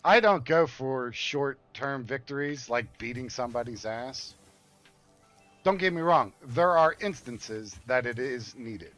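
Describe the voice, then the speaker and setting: A man's voice: medium pitch, animated, a little slow, fairly bright tone, faint music behind. Profane older man telling a rambling story. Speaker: gaming streamer. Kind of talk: casual storytelling while gaming.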